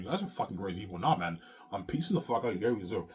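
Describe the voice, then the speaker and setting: A man's voice: fairly low pitch, expressive, racing, darkish tone. A man hosting his own channel, ranting to the camera in an agitated, profane, repetitive way. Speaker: channel host.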